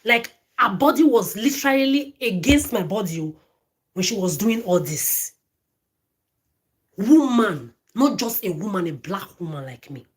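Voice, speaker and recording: This vlogger, a woman with a mid-range voice, delivers an angry rant directly to her phone camera at an unhurried pace. Though animated, she stammers, curses frequently, and repeats words and phrases.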